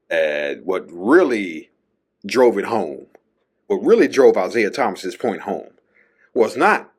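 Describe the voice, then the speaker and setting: A man hosts his own show in a very low voice, speaking slowly and casually. He rambles through a solo monologue. He keeps checking in with a questioning "okay?". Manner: chatty, tags lines with "okay?". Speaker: podcast host.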